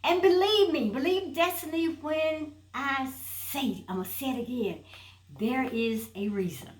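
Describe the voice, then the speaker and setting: A woman's voice: high voice, normal speed, roomy sound, rough recording. A woman giving an emphatic motivational talk, repeating rhetorical questions and building to a point. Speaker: inspirational speaker. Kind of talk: motivational preaching monologue.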